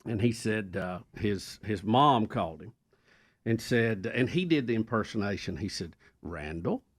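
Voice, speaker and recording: A man's voice: lowish voice, moderate pace. A man co-hosting a radio talk show, telling a funny story and acting out the people in it. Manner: animated storyteller, acts out quoted voices.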